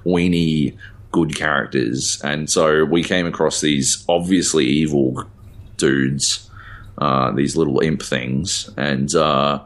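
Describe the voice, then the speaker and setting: A man with an extremely deep, low-pitched voice chats casually on a podcast. He rambles through his stories, piling up fillers and dropping casual swears as he goes. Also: fairly even intonation, slow pace. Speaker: podcast co-host. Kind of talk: casual chat.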